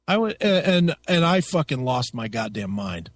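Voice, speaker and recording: A man hosting a radio talk show, telling a story in a casual, profane and animated way. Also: mid-range voice, normal speed, hardly any pauses, no room sound. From United States. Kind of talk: casual chat.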